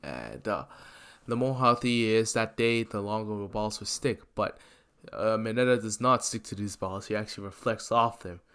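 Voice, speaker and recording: A man's voice: fairly low pitch, moderate pace, pushed and bright, clear, resonant tone. A man casually narrating a made-up fan story, rambling and hesitant, with many fillers and restarts.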